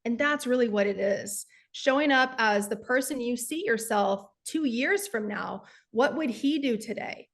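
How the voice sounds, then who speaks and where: A little high in pitch, she speaks at a measured pace with few pauses. The Texan sales coach, appearing as a guest, tells motivational stories in an earnest, emphatic way, often saying "y'all" to her listeners.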